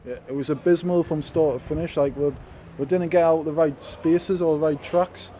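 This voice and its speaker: A frustrated man talks about the match as a football fan in a street interview, filling his speech with "like". His mellow, fairly high voice carries over faint traffic from the street. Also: fairly even intonation, normal speed. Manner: frustrated, leans on "like".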